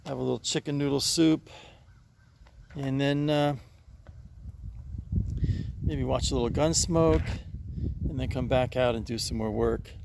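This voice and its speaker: A man's voice: fairly even intonation, measured pace, vocal fry, pauses often, background noise. An older man vlogging while weeding his yard outdoors, rambling and repeating himself, sighing and a bit winded. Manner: coaxing high calls to his pet. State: getting winded. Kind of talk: casual vlog chat.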